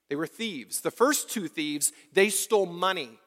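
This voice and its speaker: A man's voice: high voice, lively intonation, a little slow, fairly bright tone. A man preaching a sermon as pastor of his church, repeating lines and asking the congregation questions. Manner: preaching with rhetorical questions and repetition. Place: church sanctuary. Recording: long reverb of a church hall.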